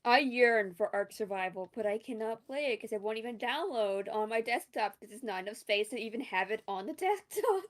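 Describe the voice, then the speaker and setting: A woman's voice: fairly high pitch, expressive, a little fast, few pauses. Playful laughing woman on a game call. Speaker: co-player on call. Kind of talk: casual gaming chat.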